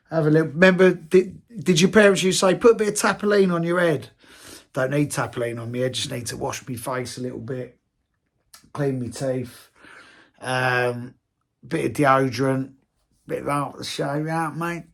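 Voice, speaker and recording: A man's voice: medium pitch, creaky. A man in his fifties, a DJ chatting casually to camera on tour, swearing freely and joking with fans. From England. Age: 50s. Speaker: DJ vlogging a tour. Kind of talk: casual vlog chat. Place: nightclub, indoors. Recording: noisy club crowd behind.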